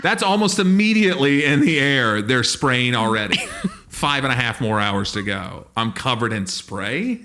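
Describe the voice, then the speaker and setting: A man's voice: mid-range voice, big pitch swings, measured pace, bright, forceful tone. A man co-hosting a comedy podcast, telling stories in casual chat and acting out bits of dialogue. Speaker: podcast co-host.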